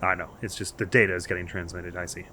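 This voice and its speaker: A man's voice: deep voice, flat delivery, fast talker, sharp tone, slight background noise. A man hosting a let's play, giving playful, chatty gameplay commentary and laughing often.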